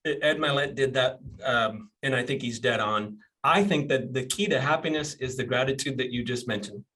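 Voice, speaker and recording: A man in his forties hosting a casual podcast, telling stories in a blunt, animated way. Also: medium pitch, normal speed. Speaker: podcast host and coach.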